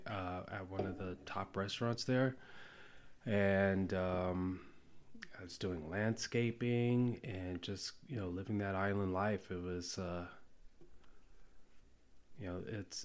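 A man in his forties, a chef and podcast guest, telling stories in a relaxed way with lots of fillers. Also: deep voice. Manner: relaxed storytelling with many fillers. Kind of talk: casual conversation.

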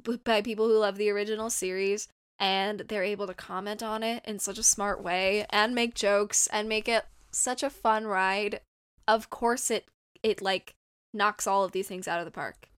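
A woman's voice: mid-range voice, steady tone, normal speed, fairly bright tone, clean tone. A woman co-hosting a podcast, chatting casually and agreeing with enthusiasm. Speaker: podcast co-host. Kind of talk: casual chat.

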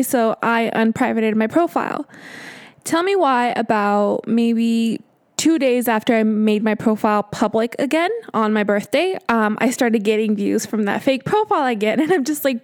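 A podcast host in her late twenties shares a story in loose, casual chat, her voice a little higher than most and clean in tone. Speaking at normal speed, she swears freely and acts out her own exasperated replies.

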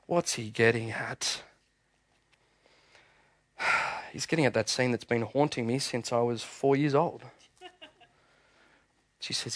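A man preaching a sermon in a church, animated and conversational, often restarting his sentences. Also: mid-range voice, normal speed, pauses often. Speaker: pastor.

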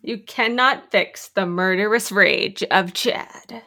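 A woman's voice: slow, gravelly, bright, forceful tone. A woman co-hosting a podcast, chatting casually about a film and laughing often. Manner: chatty, laughs often, jumps into high voices for quotes. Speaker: podcast co-host.

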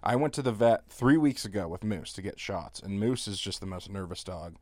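A man in his thirties chatting casually as a podcast co-host, an animated storyteller who laughs often. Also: on the low side, brisk, dry recording. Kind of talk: casual chat.

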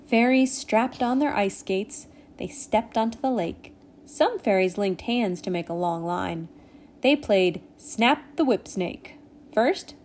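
A woman reading a children's storybook aloud in a gentle, expressive way. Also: mid-range voice, slight background noise. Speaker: storybook reader.

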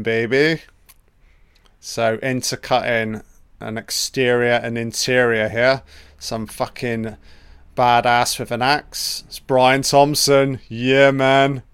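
A man hosting a casual film commentary, reacting excitably and swearing freely as the film plays. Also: mid-range voice, clean tone, no echo, studio quality. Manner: profane, excitable running reactions.

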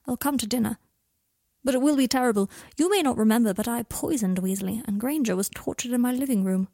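A woman reading the lines of a guarded, sharp-tongued young wizard in an audiobook of fan fiction, speaking softly and often half in a whisper. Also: fairly high pitch, fairly quick, dry recording, clean studio sound. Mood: wry.

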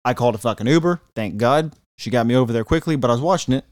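Male podcast co-host, very quick talker, profane and exasperated, dry close-miked sound. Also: mid-range voice, a little mellow, no room sound. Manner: rapid, profane, exasperated storytelling. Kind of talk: casual sports chat and storytelling.

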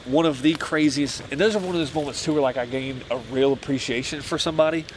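A man's voice: fairly high pitch, quick pace, slight background noise, rough recording. A young man casually telling a military story outdoors at a campfire, laid-back and swearing a lot, with "like" and "bro" all through. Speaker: former Marine telling a story.

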